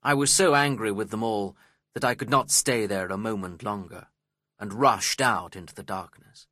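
A man reading a first-person story aloud in a steady, measured way. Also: on the low side, no echo, clean studio sound. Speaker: audiobook narrator. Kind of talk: scripted first-person narration.

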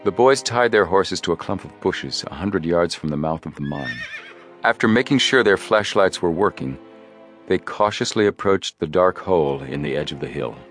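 A man narrating an audiobook with measured storytelling. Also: deep voice, animated, faint music behind. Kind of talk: scripted narration.

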